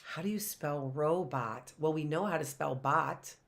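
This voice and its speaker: Middle-aged woman teacher, unhurried, lowish voice, sounds out words for small kids. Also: creaky. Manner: slow, sounding out words syllable by syllable. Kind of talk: phonics lesson for young children.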